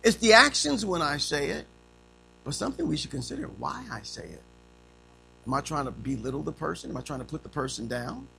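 A preacher in his fifties delivering a lively sermon, acting out little scenes and landing jokes. His voice is high, bright and forceful, with a gravelly rasp. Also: fairly quick, slight background noise. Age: 50s. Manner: animated storytelling, acting out quotes; humorous.

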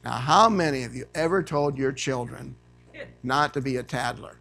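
Gravelly man preaching a sermon. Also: mid-range voice, moderate pace. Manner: rising to loud emphatic preaching, reads scripture aloud. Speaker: guest preacher. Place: church.

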